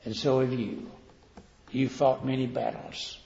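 Folksy gravelly older preacher in a hall. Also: male voice, mid-range voice, a little slow, slight background noise. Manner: folksy, animated storytelling that acts out quoted voices. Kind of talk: sermon. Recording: roomy hall reverb, dull lo-fi sound.

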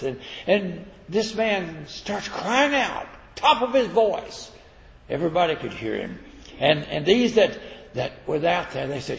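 Folksy gravelly preacher in an echoey hall. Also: male voice, high-pitched, sing-song, unhurried. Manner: folksy, conversational storytelling. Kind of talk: sermon. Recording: echoey hall, dull lo-fi sound.

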